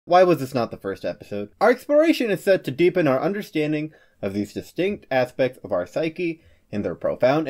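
A man hosting a scripted psychology explainer, reading with playful joking asides and quick comic character voices. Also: medium pitch, darkish tone. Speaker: host of a personality-psychology channel.

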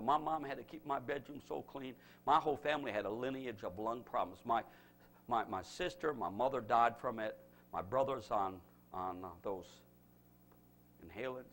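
A lively, bright-voiced preaching pastor. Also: male voice, slight background noise. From United States. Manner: swings from loud preaching to low confiding talk. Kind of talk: revival sermon.

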